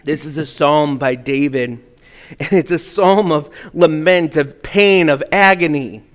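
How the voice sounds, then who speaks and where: Slow, earnest male preacher in a hall. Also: fairly high pitch. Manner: earnest, drops to a hush at key words. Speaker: pastor. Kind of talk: sermon. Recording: long hall reverb.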